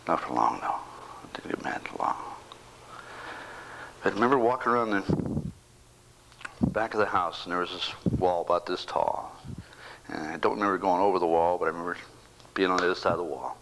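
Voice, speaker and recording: A man in his sixties, a bereaved father, giving a halting personal faith testimony that keeps repeating words and slips into whispers. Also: sits low, a bit bright, slight background noise, rough recording.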